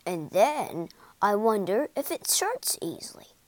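A woman voicing a boastful, reckless male toad who talks in giddy, loud swings. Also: medium pitch, big pitch swings, unhurried, dry recording. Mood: smug.

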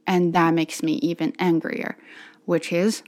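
A woman's voice: fairly low pitch, little pitch movement, unhurried, a little mellow. A young adult woman telling a personal story for her vlog, candid and wordy, with many restarts and fillers. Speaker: vlogger.

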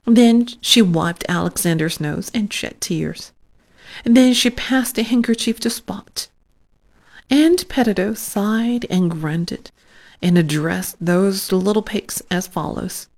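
A woman reading a children's story aloud in a gentle, unhurried way. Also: mid-range voice.

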